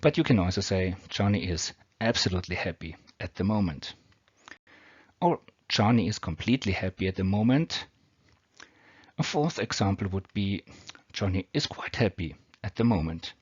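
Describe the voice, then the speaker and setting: Low-voiced German-accented man teaching grammar. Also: lively intonation, darkish tone, breathy edge, dry recording. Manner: slow, deliberate, reads example sentences carefully. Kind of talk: explaining English grammar with examples. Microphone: built-in or cheap mic. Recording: dull, dry home recording.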